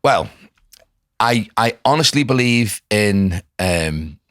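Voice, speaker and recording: A man's voice: on the low side, expressive, slow, fairly bright tone, no room sound, studio quality. A middle-aged man, a guest talking earnestly and emphatically in a casual conversation. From Liverpool. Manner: earnest, emphatic, restarts phrases.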